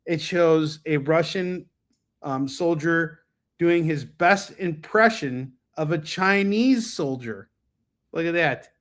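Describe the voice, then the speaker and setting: A man's voice: on the high side, slow pace, fairly bright tone. An American man hosting a live comic book sales stream, chatting casually and joking, with many ums and asides. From United States. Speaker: host and comic book seller.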